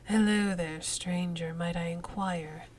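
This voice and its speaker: A woman voicing a creepy, unnervingly polite male elf in a role-playing game, speaking low and soft with old-fashioned courtesy. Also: steady tone, slow pace, slight background noise. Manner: soft, sinister, overly courteous.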